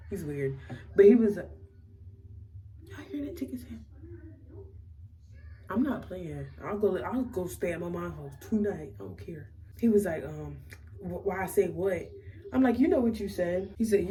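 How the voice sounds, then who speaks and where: A young woman with a Maryland accent, telling a casual storytime to her camera in a slangy, animated way. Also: fairly low pitch, far from the mic, rough recording. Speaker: vlogger.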